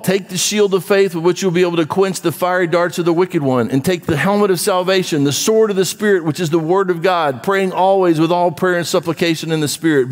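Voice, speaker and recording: A man preaching a sermon as pastor, emphatic, dropping to low asides and rising to loud urging. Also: in a large hall. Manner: emphatic, swings from low asides to raised exhortation. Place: church.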